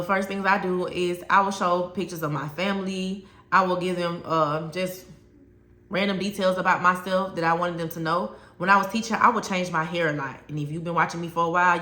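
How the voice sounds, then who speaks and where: A woman's voice: on the low side, fairly bright tone. Emphatic woman teacher in an echoey room. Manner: emphatic, storytelling, repeats key points. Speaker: former teacher giving classroom advice. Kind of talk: conversational advice talk to teachers.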